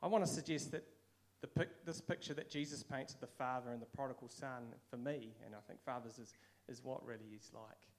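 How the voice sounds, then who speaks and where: A man's voice: medium pitch, fairly even intonation, a little fast, hardly any pauses. A man with a New Zealand accent giving a casual, conversational sermon, now and then acting out quoted voices. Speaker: preacher.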